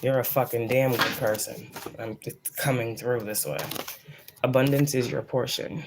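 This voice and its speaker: In a casual channeled reading, this woman psychic speaks with a very deep, steady voice at a moderate pace against a noisy background. Her delivery is blunt, profane, rambling and preachy, with phrases repeated for emphasis.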